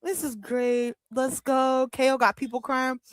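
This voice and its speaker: A young woman with a high voice reacting live as she hosts a watch-along stream. She talks excitably, squeals and breaks into laughter. The sound is dry and close, with no room around it. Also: measured pace, smooth, dry recording. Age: young adult. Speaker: livestream watch-along host.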